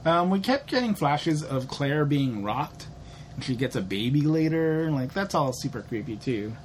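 Young woman, podcast co-host, lowish voice, very expressive pitch, animated storytelling, faint noise. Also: moderate pace. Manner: animated, acts out characters' lines, swears casually. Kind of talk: casual chat recapping a show.

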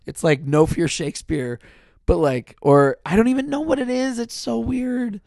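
A man's voice: very high-pitched, sing-song, moderate pace, creaky, darkish tone, no echo, clean studio sound. A man who teaches, chatting casually and laughing, mimicking lines in quotes. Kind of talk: casual chat.

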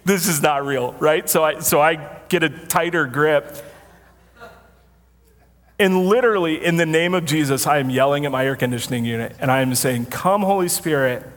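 A man's voice: on the high side, normal speed, a bit bright. A man preaching a sermon as a pastor, telling a story in a casual, self-deprecating way and laughing often. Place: church sanctuary with congregation. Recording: long hall reverb.

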